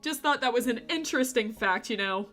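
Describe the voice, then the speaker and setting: Bright, giggly woman streamer. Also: on the high side, expressive, fairly quick, faint music behind. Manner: giggly, laughs often between remarks; playful, rambling storyteller. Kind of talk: casual chat with live chat.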